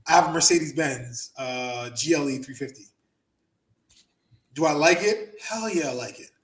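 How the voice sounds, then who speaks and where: Guy telling wrestling stories on a podcast, kinda high voice, loose and swearing a lot, echoey room. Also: normal speed. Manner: animated storyteller, swears, laughs often. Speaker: podcast host, former wrestler. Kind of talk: casual chat.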